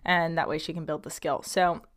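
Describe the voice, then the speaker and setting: A woman's voice: low voice, level tone, normal speed. A young woman hosting a casual podcast, reading out a listener's question and chatting about it with many ums and likes. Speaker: podcast host.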